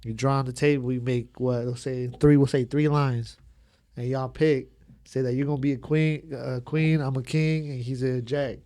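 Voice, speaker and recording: A man's voice: mid-range voice, steady tone, normal speed, dark tone. A man, a podcast guest telling casual stories in slangy, profane talk and acting out other people's lines. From Southern California. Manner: slangy, profane, laughs through his stories. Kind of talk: casual storytelling.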